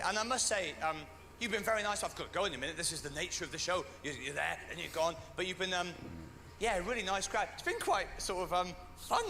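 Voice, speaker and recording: A British male comedian with a high, bright voice delivers dry, self-deprecating stand-up. His voice carries through an echoey venue with a faint noise floor. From Britain.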